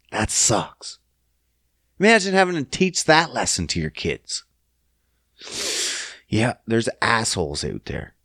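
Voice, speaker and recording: A man in his thirties hosting a podcast, ranting casually and cursing as he swings between loud outbursts and low mutters. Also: no room sound, clean studio sound. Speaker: podcast host.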